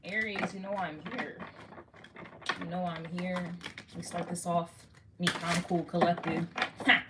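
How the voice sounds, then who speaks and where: A woman's voice: on the low side, little pitch movement, a little slow, heavy background noise. A woman giving a casual tarot reading, slangy and swearing, talking straight to the viewer. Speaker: tarot reader.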